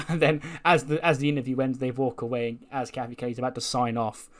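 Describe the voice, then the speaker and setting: A man casually narrating his wrestling game playthrough, chatty and quick to laugh. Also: medium pitch, flat delivery. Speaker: let's play narrator.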